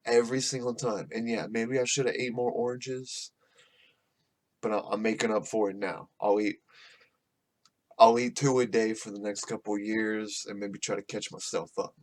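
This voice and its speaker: A man's voice: fairly low pitch, level tone, moderate pace. Profane, rambling male podcast host. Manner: profane, rambling, laughs often. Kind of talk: casual rambling monologue. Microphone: podcast microphone.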